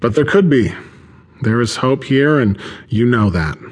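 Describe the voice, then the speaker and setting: A man's voice: medium pitch, lively intonation, unhurried. A man voicing an encouraging male space station officer who talks his crewmate up. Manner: encouraging, reassuring.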